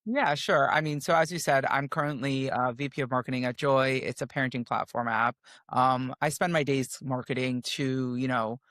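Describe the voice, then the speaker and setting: A man who is a guest on a podcast, talking about his work with a high-energy, eager manner. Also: steady tone, moderate pace, fairly bright tone, dry recording. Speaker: podcast guest, marketing executive. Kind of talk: casual interview talk.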